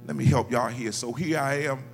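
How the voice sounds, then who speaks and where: A male preacher delivering a sermon, telling a story quietly, then rising into shouted, sung calls. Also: mid-range voice, fairly even intonation, moderate pace, vocal fry, in a large hall, slight background noise. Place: church sanctuary.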